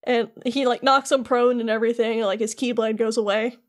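A woman's voice: on the high side, brisk. A woman co-hosting a podcast, casually recapping a story and acting out the characters' lines as she goes. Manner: animated retelling with quoted character voices. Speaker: podcast co-host. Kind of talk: casual chat recapping a game.

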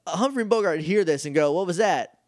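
Man, podcast co-host, chatty, jokey, slightly higher voice, dry close sound. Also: lively intonation, a little fast, no room sound. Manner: chatty, jokey, acts out lines. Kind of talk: casual chat recapping an episode.

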